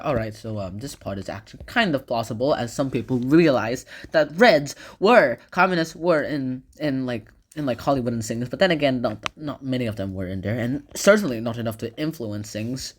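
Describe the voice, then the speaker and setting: A man's voice: medium pitch, lively intonation, fairly quick, hardly any pauses. A man talks through a history lesson in a casual, loose way, tossing in sarcastic asides between points. His phrasing rambles and circles back, with fillers and restarts. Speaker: video lecturer. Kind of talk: casual educational commentary.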